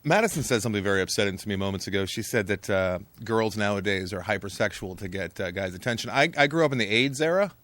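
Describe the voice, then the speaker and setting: A man's voice: lowish voice, animated, fast, hardly any pauses, fairly bright tone, no room sound. A middle-aged man co-hosting a casual chat, joking and teasing.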